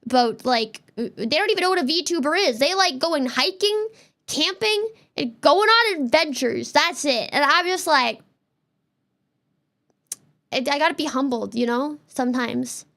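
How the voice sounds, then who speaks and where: A woman from Canada streams and talks over a game in a loose, rambling way, her high voice quick to turn exasperated. The tone is bright and sharp and stays that way throughout. She chats casually to her audience. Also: expressive, creaky. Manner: rambling, exasperated, fast-talking. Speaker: VTuber streamer. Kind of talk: casual gameplay commentary.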